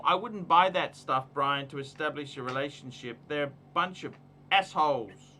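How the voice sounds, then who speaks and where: A man hosting a livestream chat, with a strikingly bright, cutting voice that sits a little high. He hammers his points home, repeating himself in an emphatic, ranting way. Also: measured pace. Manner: emphatic, repetitive, ranting advice. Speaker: livestream host.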